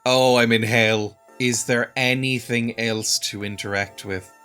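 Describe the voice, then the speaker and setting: A man talks through a video game in a dry, sardonic way, chuckling at it often. His voice sits at an ordinary middle pitch, and faint music plays behind him. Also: steady tone, measured pace. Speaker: let's play host. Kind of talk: game commentary.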